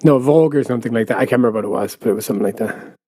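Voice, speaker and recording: An Irish man chatting easily as a podcast co-host, his voice dark and mellow, recorded dry and close. He laughs often and lets his sentences wander. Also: medium pitch, racing, no echo. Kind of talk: casual chat.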